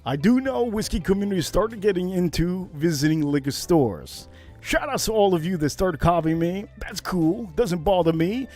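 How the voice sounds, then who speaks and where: A man's voice: high-pitched, normal speed, soft background music. A man hosting a casual whiskey livestream, rambling between topics and getting worked up as he talks. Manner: rambling, animated, gets worked up. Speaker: livestream host. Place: Miami Beach.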